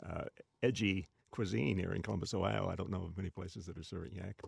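A man with a very deep, gravelly voice co-hosts a chatty radio show. He talks in an easygoing, hesitant way, full of uhs and ums. His voice sounds dry and close. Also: steady tone, fast talker, dry recording. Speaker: radio co-host. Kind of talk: casual radio chat.

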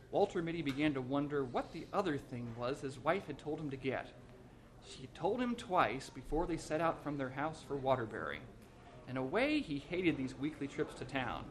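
A man reading a short story aloud as narrator, in an even, measured way. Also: a little high.

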